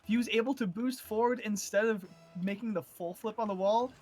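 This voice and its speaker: A man's voice: sits high, a little fast, a little mellow, soft background music. A man giving live esports color commentary, analytical and explaining plays with frequent fillers and restarts.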